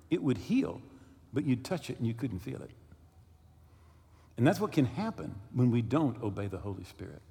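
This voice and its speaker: A man preaching a sermon as pastor, telling a personal story and reading scripture slowly and deliberately. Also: medium pitch. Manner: storytelling with lively swings, slowing down for scripture reading. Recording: long hall reverb.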